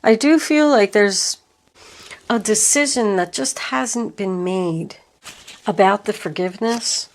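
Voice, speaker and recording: Slow, meandering woman tarot reader. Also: mid-range voice. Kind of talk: tarot reading to camera.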